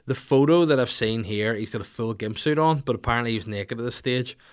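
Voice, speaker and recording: A man's voice: mid-range voice, a little fast, clear, resonant tone. Crude, rambling man. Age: 30s. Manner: crude, rambling comic banter. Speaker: podcast host. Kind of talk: casual chat.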